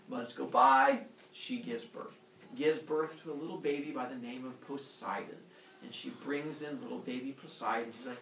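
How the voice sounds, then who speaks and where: A man's voice: a little fast, gravelly, a little hiss or hum. A man teaching a class, telling a myth as a comic story and putting on silly voices for the characters. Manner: animated, puts on squeaky voices for characters. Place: classroom with students. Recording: echoey room, far from mic, students audible.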